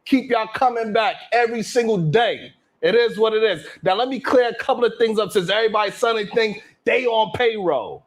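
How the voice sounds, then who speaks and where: A man hosting his own live stream show, boasting and trash-talking the haters in a loud, hyped rant full of cursing. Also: high voice, a little fast, few pauses. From Brownsville, Brooklyn.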